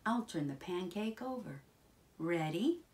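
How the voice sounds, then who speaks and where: Woman as a calm, patient storybook mother. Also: lowish voice, a little slow. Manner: calm, instructive. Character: patient, practical mother guiding her son. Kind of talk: children's storybook reading.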